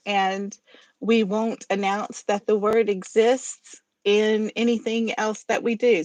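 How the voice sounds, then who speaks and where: A woman's voice: medium pitch, no echo. A woman hosting a live poetry stream, talking in a chatty, rambling way as she explains the rules. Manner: chatty, rambling, laughs easily. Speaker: poetry reading host. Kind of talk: livestream hosting and poetry reading.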